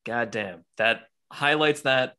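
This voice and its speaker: Excitable bright-toned guy, podcast co-host, acts out quotes and swears freely. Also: medium pitch, slow, smooth. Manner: excited, heavy swearing, acts out characters' lines. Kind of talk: casual comic book discussion.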